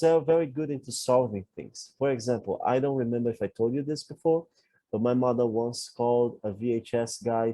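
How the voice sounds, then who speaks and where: An earnest man talks candidly on a podcast, reflecting on his own experience. His voice is dark and mellow. The sound is dry and close to the mic, with no room around it. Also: mid-range voice, no echo. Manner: earnest, self-reflective storytelling. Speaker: podcast co-host. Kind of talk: candid conversational podcast talk.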